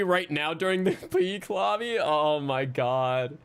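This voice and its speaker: A man's voice: high voice, lively intonation, a little slow, hardly any pauses, smooth. A man streaming and chatting casually with his viewers, rambling and self-mocking, swearing often.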